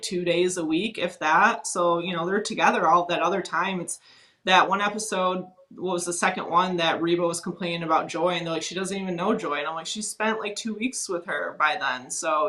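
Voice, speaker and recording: A woman's voice: lowish voice, steady tone, a little fast, bright, forceful tone, rough recording. A woman talking as a guest on a podcast, a former reality-show contestant speaking frankly in a chatty, casual way, with a lot of "like".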